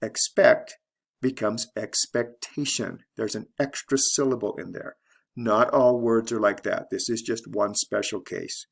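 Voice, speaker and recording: A man teaching English pronunciation, saying words slowly and deliberately and repeating them for practice. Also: on the low side, vocal fry. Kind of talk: pronunciation lesson.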